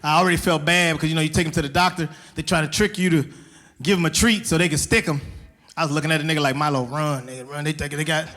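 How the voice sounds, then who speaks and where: A male stand-up comedian with a high voice, talking in an animated way. His tone is bright and forceful. He hits his punchlines loudly and often laughs along with them. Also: racing. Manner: animated, loud punchlines, laughs at own jokes. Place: comedy stage.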